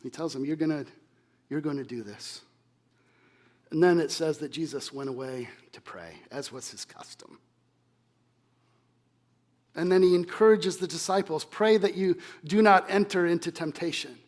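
A man preaching a sermon, dropping from loud emphasis to hushed tones. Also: fairly high pitch, normal speed, long pauses. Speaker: pastor.

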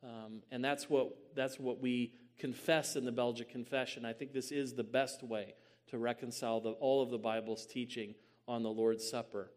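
Man teaching theology, swells to booming. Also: level tone, a little mellow. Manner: measured, many "um"s, rising to booming emphasis.

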